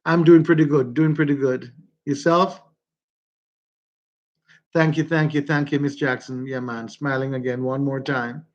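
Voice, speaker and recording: A man with a Jamaican accent, hosting a casual livestream and warmly greeting his viewers by name. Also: mid-range voice, steady tone, unhurried, long pauses, muffled recording. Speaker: livestream host.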